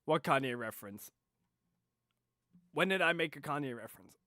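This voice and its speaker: A man's voice: a little high, lively intonation, normal speed, sharp tone, dry recording, studio quality. A tired man chatting and swearing casually while live streaming late at night. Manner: profane, exasperated, rambling.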